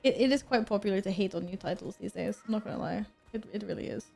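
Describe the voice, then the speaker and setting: A woman's voice: medium pitch, fast, gravelly, darkish tone, faint music behind. A woman streamer chatting casually while she plays a game, reading out and answering her chat and laughing often.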